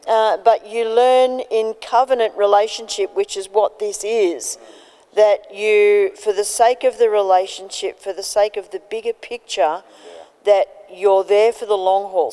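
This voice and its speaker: A woman, a church leader speaking as a guest in a relaxed, reflective interview. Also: medium pitch, clean tone. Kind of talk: casual interview talk. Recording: long hall reverb.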